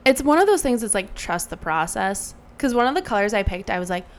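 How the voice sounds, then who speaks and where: A woman's voice: mid-range voice, sing-song, a little fast. A young adult woman co-hosting a podcast, telling a rambling story full of "like". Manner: chatty storyteller, lots of "like". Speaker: podcast co-host. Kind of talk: casual chat.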